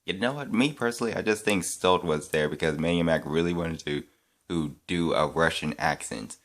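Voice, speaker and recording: Speaking in a low-pitched voice, a fan reviewer offers his offhand take on things. His speech comes in stops and starts, packed with fillers, as if he's working it out as he goes.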